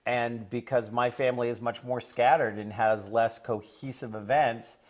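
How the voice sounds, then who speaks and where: A man's voice: mid-range voice, steady tone, normal speed. A chatty man who turns preachy. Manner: rambling, conversational, turns forcefully preachy when lecturing parents. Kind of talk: casual talk show chat and storytelling.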